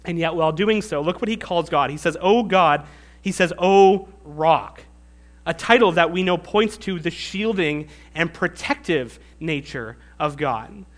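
A man's voice: on the high side, expressive, moderate pace, few pauses, fairly bright tone. A man pastor giving a conversational, teaching-style sermon.

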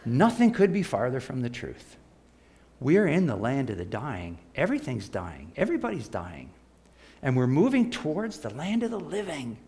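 Animated preacher man, gravelly voice. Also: mid-range voice, moderate pace. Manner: animated, piles up words, drops to a soft hush. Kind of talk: sermon.

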